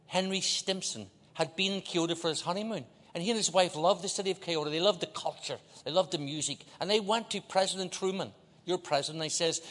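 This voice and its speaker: Joking preacher in a big reverberant hall. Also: male voice, a little high, a bit bright. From Ireland. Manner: joking, leads the crowd in call-and-response. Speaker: guest preacher. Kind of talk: sermon. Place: large church.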